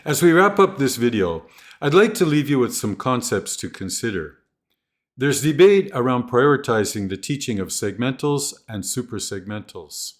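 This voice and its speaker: Man, mid-pitch, scripted teacher-training narration; slows down to model example phrases clearly. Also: big pitch swings.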